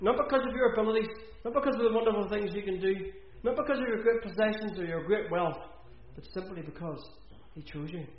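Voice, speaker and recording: A man's voice: sits high, quick pace, few pauses, slight background noise. A man preaching an earnest sermon in a church, repeating phrases for emphasis. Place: church hall. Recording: echoey, dull church recording.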